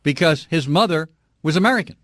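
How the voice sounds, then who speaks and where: Indignant, high-pitched male radio host. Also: animated, fairly quick, fairly bright tone, no room sound, studio quality. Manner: heated, emphatic, indignant. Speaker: radio talk show host. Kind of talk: call-in radio talk.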